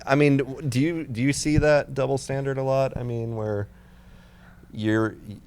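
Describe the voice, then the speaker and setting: A man's voice: mid-range voice, fairly even intonation, moderate pace, darkish tone, clean tone. A man hosting an interview, asking easygoing, somewhat hesitant questions. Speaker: podcast host. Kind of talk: casual interview chat.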